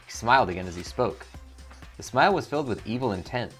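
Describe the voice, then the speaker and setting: A man reading a visual novel aloud, narrating in first person in a measured way. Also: medium pitch, lively intonation, a bit bright, faint music behind. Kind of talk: dramatic story reading.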